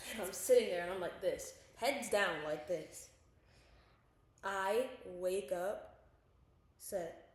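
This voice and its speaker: A young woman telling a story on a casual podcast, animated and loose with her swearing. She acts out the lines people said and sits at a middle pitch. The room is very echoey. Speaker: podcast co-host.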